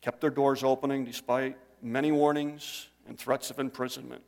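A man's voice: medium pitch, level tone, normal speed, gravelly. Preaching man in a reverberant hall. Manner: conversational preaching with storytelling. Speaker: pastor. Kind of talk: sermon.

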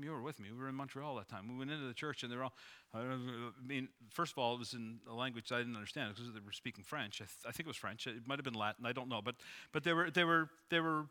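A middle-aged man delivers a sermon in a loose, conversational style, often restarting and repeating phrases for emphasis. His voice is bright and forward, sitting at an ordinary middle pitch. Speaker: pastor.

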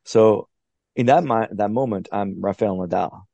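Man, low gravelly voice, dark and mellow tone, dry close sound, reflective interview guest, restarts often. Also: unhurried, dry recording, muffled recording. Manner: thoughtful, explains step by step with frequent restarts. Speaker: podcast guest, long-distance paddler.

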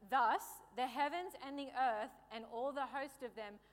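A woman's voice: high-pitched, normal speed. A woman preaching a sermon in a playful, conversational way, joking with the congregation. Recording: reverberant hall.

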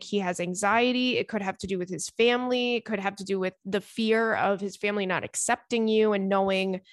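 On her advice podcast, a female host reads out a letter from a listener and then responds in a sincere, talkative way full of fillers. Her voice is mid-range and the recording dry.

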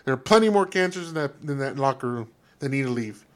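A man's voice: medium pitch, animated, quick pace. A man co-hosting a fan podcast, ranting in a heated, profane, emphatic way. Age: adult. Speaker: podcast co-host.

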